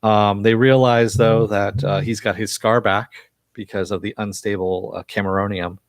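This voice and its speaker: A man's voice: on the low side, steady tone, normal speed, no echo, studio quality. A man casually recapping a TV episode for viewers, rambling with frequent fillers and chuckles. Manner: reads viewer chat aloud. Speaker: TV episode reviewer.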